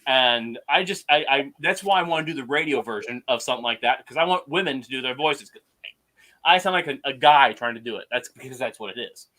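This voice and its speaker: A man hosting a podcast, chatting casually and telling stories with animated emphasis. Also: medium pitch, fairly quick. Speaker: podcast host. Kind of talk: casual conversation.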